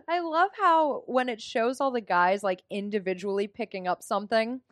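A woman's voice: fairly high pitch, animated, a little slow, fairly bright tone, no echo, studio quality. A woman co-hosting a podcast, chatting casually and giggling as she recaps a film, swearing now and then. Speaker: podcast co-host.

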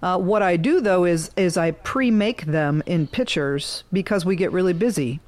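A woman who works as a realtor and bartender, chatting casually and telling a story in a blunt, animated way, clearing her throat now and then. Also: lowish voice, normal speed.

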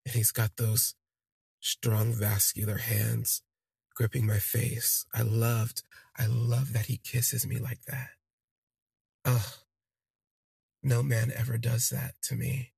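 Candid man with a husky, gravelly voice. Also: mid-range voice, darkish tone, dry recording. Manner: candid, rambling, frequent fillers. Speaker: podcast host. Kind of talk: personal storytelling.

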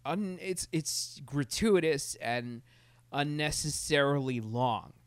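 A man in casual chat, animated and rambling, with many restarts and laughs. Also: fairly high pitch, takes it slowly, clear, resonant tone, no room sound.

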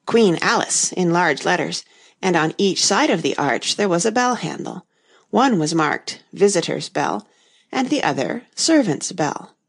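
A woman reading a children's storybook aloud in a gentle, measured way. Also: mid-range voice, gravelly. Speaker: narrator.

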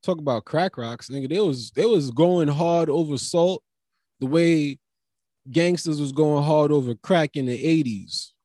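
A man delivering a rambling, profane comic monologue, wandering through tangents, restarting sentences and now and then bursting into animated high riffs. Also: unhurried, no room sound, clean studio sound.

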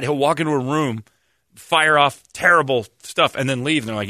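A man's voice: medium pitch, very animated, a little fast, bright, forceful tone, no echo, studio quality. A man, a show host, delivering a sarcastic comedic rant and mockingly mimicking other people in exaggerated voices.

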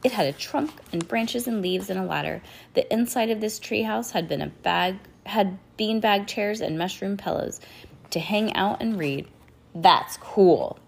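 This young woman's medium-pitched voice is slightly rough, with vocal fry, and she reads a little slowly. At home she's reading a children's chapter book aloud, animating the characters and stopping to talk and laugh with her child.

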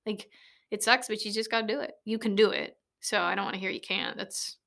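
A woman's voice: medium pitch, level tone, a little fast, vocal fry, a bit bright. Foul-mouthed woman in her late twenties. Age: late 20s. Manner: blunt, swears often, laughs easily, rambling. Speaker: podcast host. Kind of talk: casual solo podcast monologue. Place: small converted shed recording studio. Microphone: studio microphone.

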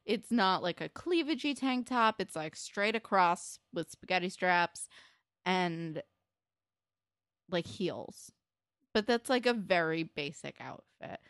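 A young woman chatting casually as a podcast co-host, recapping a TV episode, animated and peppering her talk with "like" and swearing. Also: on the low side, takes it slowly, smooth, no echo, clean studio sound. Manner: animated, swears a lot, many likes.

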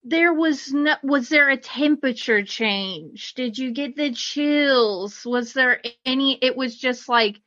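Casting note: woman host, high bright voice, dull lo-fi sound, curious interviewer. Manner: curious, asks probing questions. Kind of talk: casual interview.

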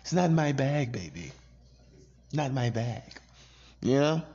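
A man co-hosting a podcast, ranting profanely in a casual, animated way and laughing often. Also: mid-range voice, slow, slightly rough. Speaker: podcast co-host. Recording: dull lo-fi sound.

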